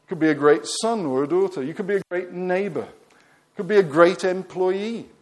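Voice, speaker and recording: A man delivers a sermon in a fairly high voice. He speaks emphatically and keeps asking the congregation questions. His voice sinks soft and low as he closes each phrase. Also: moderate pace. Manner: emphatic, asks the congregation questions, voice drops quiet at phrase ends. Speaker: preacher.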